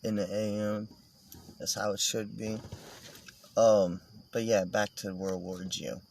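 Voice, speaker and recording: A man's voice: lowish voice, flat delivery, slow, darkish tone, slight background noise. A man vlogging in a casual, meandering monologue, swearing and joking as he goes.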